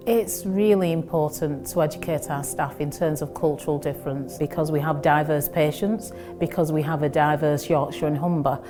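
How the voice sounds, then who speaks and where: A health service manager speaks in a measured, earnest way about staff and patients. Her voice sits very low, and clear music plays behind her. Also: fairly even intonation. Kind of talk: interview statement.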